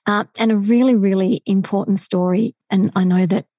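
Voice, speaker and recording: A woman's voice: medium pitch, no room sound. A woman, a body language expert, telling a story with energy as a guest over a remote call. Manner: fast, enthusiastic, animated storyteller. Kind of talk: storytelling podcast interview.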